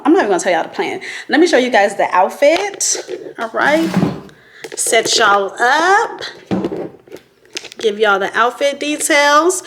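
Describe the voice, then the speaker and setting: A woman in her thirties chatting casually to viewers in a vlog, animated and slangy with frequent asides. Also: a little high, a little hiss or hum. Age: 30s. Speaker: vlogger. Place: in a car and at home.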